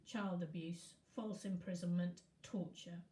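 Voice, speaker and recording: Snappy little lawyer lady, slight mexican accent, trilled r's, warm low voice, read by a woman. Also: fairly even intonation, a little slow, lightly acted. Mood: forceful. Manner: snappy, forceful. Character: feisty short woman lawyer, protective and sharp.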